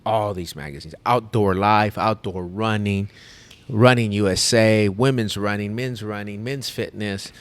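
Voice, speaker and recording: A man, a podcast host telling a long story in casual chat, animated and rambling with restarts. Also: lowish voice, measured pace, few pauses. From United States.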